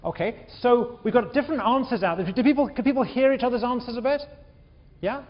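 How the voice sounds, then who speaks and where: A man lecturing a large university class, animated, often repeating words and putting questions to the students. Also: very high-pitched, a little fast. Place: large lecture hall with balcony. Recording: echoey hall, dull lo-fi sound.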